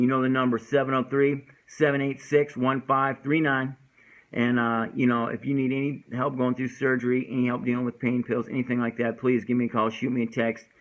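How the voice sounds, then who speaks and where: A man's voice: medium pitch, lo-fi sound. Earnest rambling man. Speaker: host of a recovery talk show. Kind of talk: casual personal talk and poetry reading.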